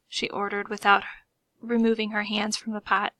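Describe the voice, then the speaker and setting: A woman reading a first-person story aloud in a lively, expressive comic manner. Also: mid-range voice, moderate pace, dry recording. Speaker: audiobook reader.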